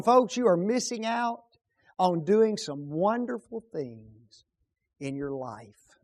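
A man preaching a sermon, swinging between loud emphatic peaks and hushed low asides, and asking the congregation rhetorical questions. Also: animated, takes it slowly.

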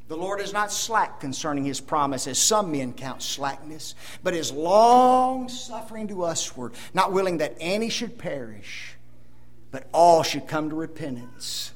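Preaching a sermon in a slightly high voice, a man emphatically throws rhetorical questions at his congregation. He alternates between loud emphasis and hushed asides.

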